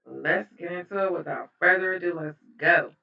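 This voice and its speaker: A woman's voice: lowish voice, fairly even intonation, moderate pace, creaky. A woman hosting her own reaction channel, chatting casually and repeating herself as she opens a video. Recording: roomy, distant, dull sound.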